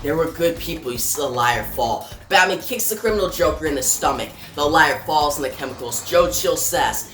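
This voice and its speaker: A man's voice: on the high side, expressive, normal speed, hardly any pauses, a bit bright. A man recapping a comic book issue scene by scene, voicing the sound effects. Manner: plain retelling, voices sound effects. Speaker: comic reviewer. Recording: roomy echo, faint music.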